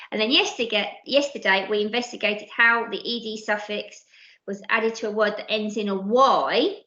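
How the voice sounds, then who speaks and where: A woman teaching phonics to young children in a slow, patient, encouraging way. Her voice is bright and crisp. The audio is dull and lo-fi, with a roomy echo. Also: medium pitch. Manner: slow, clear and encouraging, with frequent praise. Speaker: primary school teacher. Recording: dull lo-fi audio in an echoey room.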